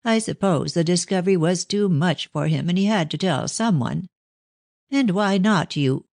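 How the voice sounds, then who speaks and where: A woman's voice: lowish voice, animated, normal speed, vocal fry, no room sound, clean studio sound. A woman voicing a talkative old nurse who fusses over a girl with fond, confiding talk. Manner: warm and fussing, with "my dear".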